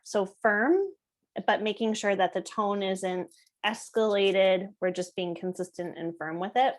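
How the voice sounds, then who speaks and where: Calm conversational woman explaining to parents. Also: mid-range voice, measured pace. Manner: calm, conversational, often checks in with "right?". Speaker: parenting educator.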